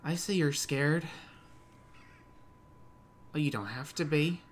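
A game master voicing a calm, mysterious villainous woman with a put-on Russian accent, talking softly and unbothered in a tabletop game. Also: mid-range voice, slow pace, slight background noise, lightly acted. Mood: soothing. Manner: soft, unbothered, gently smiling.

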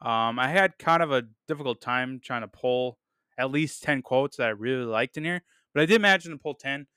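A man's voice: mid-range voice, moderate pace, pushed and bright, smooth, dry recording, studio quality. A man talking through a film review on his podcast, upbeat and casual, with lots of fillers and repeated words. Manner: enthusiastic, many fillers, repeats "really, really"; laughs at quotes he reads.

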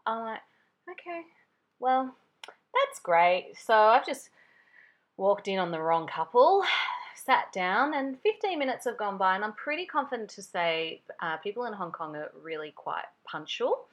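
A woman's voice: mid-range voice, big pitch swings, normal speed. A young woman with an Australian accent, hosting a casual podcast monologue and chatting through a story while calling her listeners guys. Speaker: podcast host.

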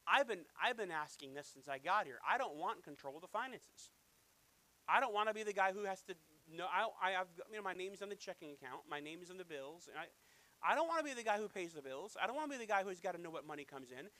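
A man's voice: high voice, sharp tone, rough recording. A man preaching as a pastor, emphatic and repetitive, telling stories from his own life. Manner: emphatic, repetitive, anecdotal storytelling. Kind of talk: sermon.

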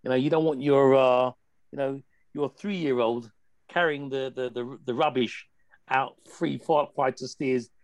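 Measured man giving advice, dry sound. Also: mid-range voice, fairly even intonation, no room sound. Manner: measured, explanatory, with hesitations. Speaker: guest, family worker. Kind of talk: casual panel chat, advice.

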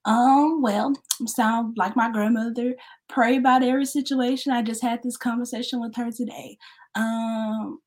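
A young woman with a slightly high voice speaks as a guest in a casual interview. She is relaxed and chatty, laughs easily, and acts out small quoted exchanges as she talks. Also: moderate pace. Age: young adult.

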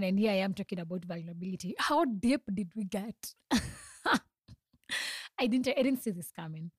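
Young woman, solo podcast host, confiding, middle pitch, dry close sound. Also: a little mellow, no room sound. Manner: earnest and confiding, frequent laughs and restarts. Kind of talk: reflective solo podcast talk.

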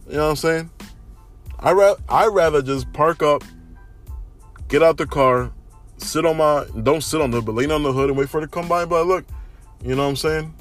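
A young man with a slightly high voice hosts a casual solo podcast, telling stories in an animated way. He often says "you know what I'm saying."

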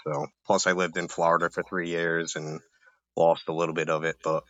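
Deep-voiced man, easygoing and rambling. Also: little pitch movement, brisk, fairly bright tone, no echo, lo-fi sound. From Rhode Island. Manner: easygoing, rambling, many "you know" fillers. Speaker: podcast guest. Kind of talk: casual podcast chat.

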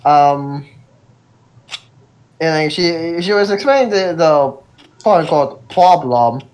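A man co-hosting a podcast, chatting in a laid-back, unhurried way. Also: a little high, animated, darkish tone. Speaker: podcast co-host. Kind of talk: casual chat.

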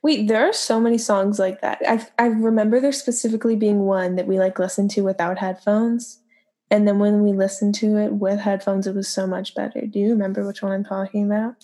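A woman's voice: medium pitch, little pitch movement, fairly quick, dark tone. A young woman co-hosting a casual music podcast, talking loosely with lots of "like" fillers. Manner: filler-heavy, says "like" a lot. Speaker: podcast co-host. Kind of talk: casual chat.

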